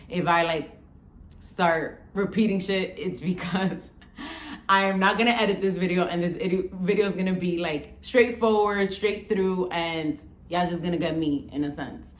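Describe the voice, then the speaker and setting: Woman in her thirties, Bronx accent, rough voice, frank casual vlog storytelling, roomy echo. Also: lowish voice, moderate pace. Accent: Bronx New York. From the Bronx, New York. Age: 30s. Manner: chatty, frank, swears freely. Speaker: vlogger.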